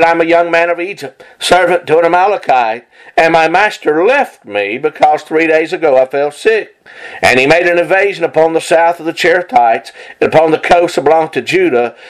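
A man delivers a sermon in a somewhat high voice. He reads scripture aloud, then presses his points home by repeating them. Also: rough recording. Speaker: preacher.

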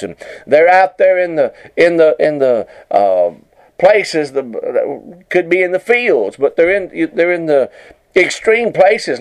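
A male preacher delivering a broadcast sermon with fervent conviction. His voice sits a little high for a man and swings widely in pitch as he reads scripture and presses each point home. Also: rough recording. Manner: fervent King James preaching, repeating "watch now".

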